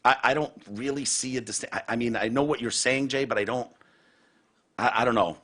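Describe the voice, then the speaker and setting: A man in casual podcast conversation with a blunt, profane way of talking. He reasons out loud at an ordinary, middling pitch. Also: a little fast. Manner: blunt, profane, thinks aloud. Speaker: podcast host.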